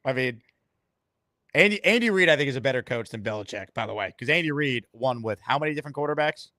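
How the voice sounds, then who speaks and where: A man's voice: medium pitch, lively intonation, quick pace, pushed and bright, no echo. A man hosting a sports podcast, talking brashly and theatrically, taking calls and reading out comments. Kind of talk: fan podcast monologue and call-in.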